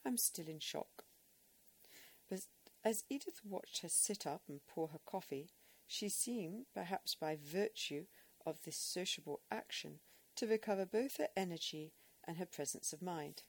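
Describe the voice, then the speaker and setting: Woman narrator, slightly low voice, measured expressive reading. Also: breathy edge. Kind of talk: audiobook narration.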